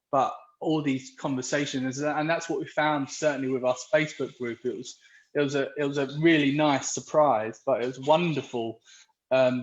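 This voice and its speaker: A man being interviewed live online, talking earnestly and rambling, with lots of restarts. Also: medium pitch. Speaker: interviewee, dads' group organiser. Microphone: video call. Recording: roomy, dull lo-fi video call audio.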